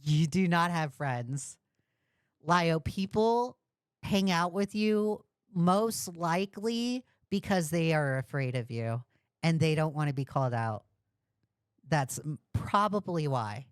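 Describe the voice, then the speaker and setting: A woman's voice: low-pitched, animated, takes it slowly, smooth, dry recording, studio quality. A woman streamer giving blunt, mocking commentary on a call during a livestream.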